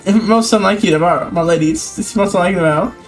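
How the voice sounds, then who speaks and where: A man's voice: high-pitched, fast, faint music behind, voice pushed up, poor audio. Man reading a courtly, fretting retainer. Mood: concerned.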